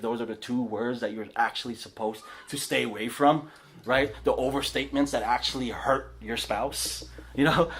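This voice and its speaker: A man preaching a conversational sermon in a house church, casual and animated, often checking in with his listeners. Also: medium pitch. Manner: casual, animated, tags lines with "right?", many restarts. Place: house church living room.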